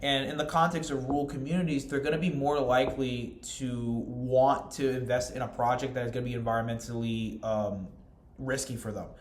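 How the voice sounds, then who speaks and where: A young man giving a class presentation, reading from notes and then explaining in his own words, earnest and steady with frequent restarts and fillers. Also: medium pitch, a little fast, roomy sound. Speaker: student presenter.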